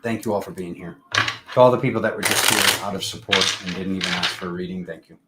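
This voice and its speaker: A man hosting a casual live-stream tarot reading, talking in an unhurried, rambling spiritual way with many fillers. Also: deep voice, steady tone, heavy background noise.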